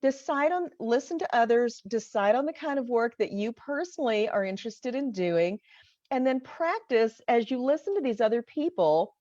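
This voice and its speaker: A woman's voice: a little high, expressive, moderate pace, darkish tone, no echo. A middle-aged woman coaching online in a chatty, encouraging way, often checking in with her listeners. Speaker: online business coach teaching voiceover. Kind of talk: casual teaching to camera. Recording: dull, dry home recording.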